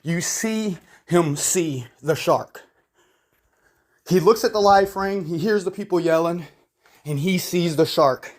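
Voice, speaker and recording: A man's voice: high-pitched, slow pace. A man giving casual video commentary in a blunt, opinionated, rambling way. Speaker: YouTube commentator.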